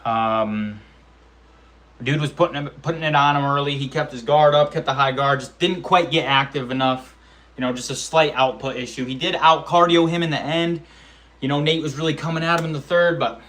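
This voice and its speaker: A man's voice: on the high side, fairly quick, fairly bright tone. A man in his twenties telling a casual, profane story about his amateur fight, acting out quotes and sound effects. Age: 20s. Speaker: amateur MMA fighter vlogger.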